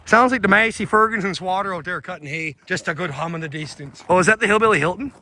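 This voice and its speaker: A man's voice: high-pitched, quick pace, pushed and bright, a little hiss or hum. A man, vlogging about his car work in a rowdy, swearing, joking way, tired after a long week. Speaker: vlogger and mechanic. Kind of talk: casual vlog chat.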